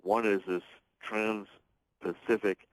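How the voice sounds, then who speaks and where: A man's voice: on the low side, steady tone, slow pace, dry recording, rough recording. A man speaking as a guest author and political commentator on a radio talk show, talking emphatically in long runs with frequent restarts.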